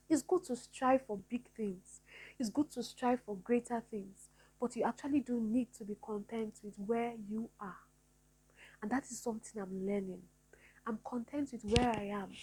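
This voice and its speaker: Lady vlogging, bit high voice, earnest and encouraging, says things over and over. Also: mellow, slightly rough, rough recording. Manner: earnest, repetitive, encouraging, faith-filled. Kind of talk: heartfelt personal vlog.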